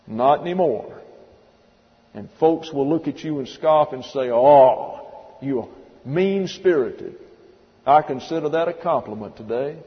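A man preaching an expository sermon, emphatic, stopping to spell out Greek words letter by letter. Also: fairly high pitch. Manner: emphatic, drills word by word, spells out Greek terms. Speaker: pastor. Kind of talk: expository Bible teaching sermon. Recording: dull, long-reverb church hall recording.

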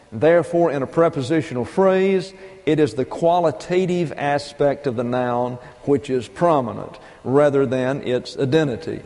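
A man's voice: a little high, darkish tone, big-room sound. A man preaching a methodical teaching sermon from a pulpit, working through numbered points and spelling out terms. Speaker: pastor. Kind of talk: expository Bible teaching sermon. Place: church pulpit.

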